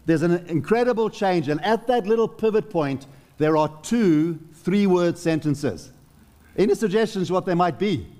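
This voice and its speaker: A man's voice: sits high, expressive, normal speed, dark tone. A man preaching a sermon in an earnest, conversational way, asking the congregation rhetorical questions.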